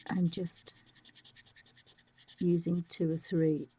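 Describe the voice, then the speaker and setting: Soft, husky woman teaching drawing. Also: fairly low pitch, little pitch movement, extremely slow. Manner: soft-spoken, often half-whispered while working. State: voice a bit squeaky and rough. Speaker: art tutorial host. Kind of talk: live drawing tutorial.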